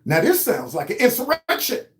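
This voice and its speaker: A man's voice: high voice, huge pitch swings, moderate pace. A man hosting his own commentary show, talking in a heated, mocking, sarcastic way. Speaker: host. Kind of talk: political commentary. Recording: roomy echo.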